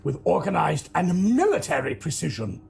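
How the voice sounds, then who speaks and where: Synthetic man voicing a gravelly solemn hunter. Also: fairly high pitch, wildly swooping pitch, normal speed, heavily acted. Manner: portentous, lecturing delivery. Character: grave older male vampire hunter, secretive mentor. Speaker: father-in-law figure.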